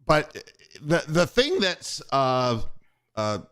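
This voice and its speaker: A man's voice: on the high side, wildly swooping pitch, drawn-out words, a bit bright, clear, resonant tone. An older man hosting a casual sports talk show, telling rambling, profane stories from his years running a radio station. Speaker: podcast host and former radio station boss.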